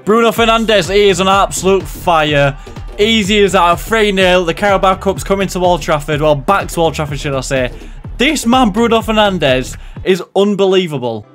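A young man commentating on a football video game he is playing, jumping between loud outbursts and low muttered asides. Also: normal speed, faint music behind. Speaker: gaming commentator.

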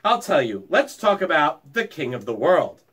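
A tiny, self-assured mouse schoolteacher, put on by a man reading aloud. He talks crisply and bossily, in a raised voice that bounces up and down. It is a storybook reading, matter-of-fact in tone. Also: on the high side, sing-song, normal speed, a bit bright, heavily acted. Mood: brisk.

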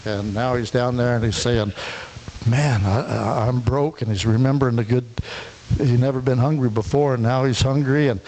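A man preaching a sermon, his voice sitting at an ordinary middle pitch. He tells a parable in a storytelling way, voicing the characters and often restarting his words. A faint hiss runs under the recording. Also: fairly even intonation, normal speed, mellow, poor audio. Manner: retells a parable, acting out the characters, with frequent restarts.

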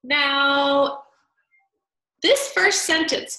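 A woman teacher reading a story aloud to young children, slowing down and pausing to show how punctuation works. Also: sits high, lively intonation, sharp tone, reverberant, poor audio. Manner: slow, deliberate reading aloud with exaggerated pauses.

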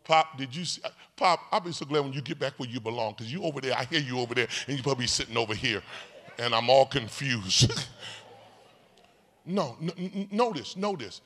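A man preaching a live sermon as pastor, in an animated, folksy storytelling way, calling out to people in the congregation. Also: mid-range voice, brisk. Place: large church sanctuary. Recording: echoey hall reverb.

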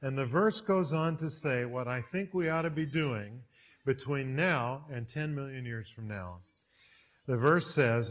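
A man preaching a sermon, telling stories with big swings in pitch and loudness. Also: a little slow. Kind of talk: sermon with storytelling.

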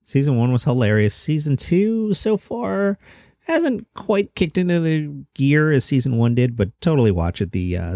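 A man's voice: on the low side, dark tone, dry recording, clean studio sound. A middle-aged man hosting a comedy news podcast, chatty with jokey asides. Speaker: host.

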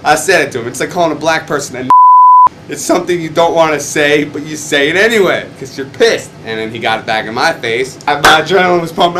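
A man's voice: a little high, fast, background noise. Profane young stuntman in a hotel room. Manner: profane, excitable, swings loud when reenacting. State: rough, morning after a wild night. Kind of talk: casual storytelling to camera.

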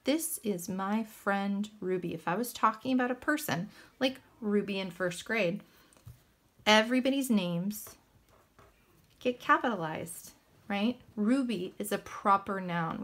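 A woman teaching a lesson to small children, speaking slowly and carefully. She sounds patient and encouraging, and she spells out words one letter at a time. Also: mid-range voice, a bit bright. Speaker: first grade teacher. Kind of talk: recorded classroom lesson for children.

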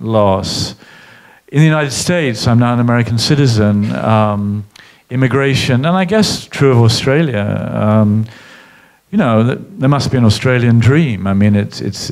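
A man's voice: lowish voice, a little mellow. A middle-aged man being interviewed on stage, telling stories in a reflective way with many fillers and restarts. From Britain. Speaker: guest, columnist and author. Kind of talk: live interview at a public event.

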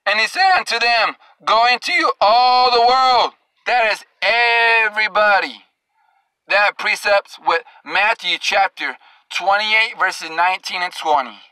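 High-voiced, bright, scolding male preacher. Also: clean tone, no room sound, low-quality recording. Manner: scolding and profane, with drawn-out emphasis on scripture. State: angry. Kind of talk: angry confrontational sermon.

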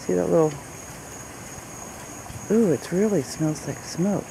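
A woman's voice: low-pitched, sing-song, measured pace, vocal fry, pauses often, warm tone, a little hiss or hum, low-quality recording. A woman chatting casually on a home video blog, filming with a handheld camera and cooing in baby talk to her pets. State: unwell, recovering from illness. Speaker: vlogger. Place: home, in and out of doors.

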